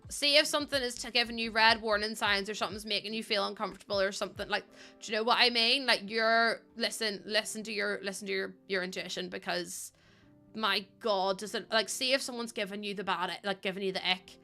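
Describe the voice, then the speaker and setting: A woman's voice: mid-range voice, steady tone, brisk, bright, forceful tone. A young woman chatting casually and rambling while she streams a game, often breaking into giggles. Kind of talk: casual chat while gaming. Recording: music playing behind.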